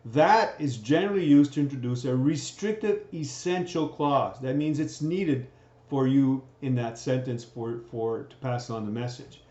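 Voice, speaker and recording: A man's voice: medium pitch, moderate pace, warm tone. Give me a man giving a recorded grammar lecture in an echoey room, muffled sound. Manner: keeps asking "right?" to check understanding. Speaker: teacher. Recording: dull, roomy lecture recording.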